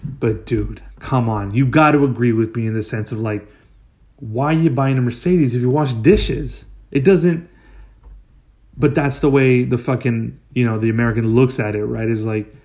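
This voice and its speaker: A man's voice: medium pitch, fairly even intonation, normal speed, darkish tone. A man hosting a podcast who tells a story in a casual, comedic way, swearing freely, sounding exasperated and breaking into sudden outbursts. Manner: profane and exasperated, with rising outbursts. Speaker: podcast host.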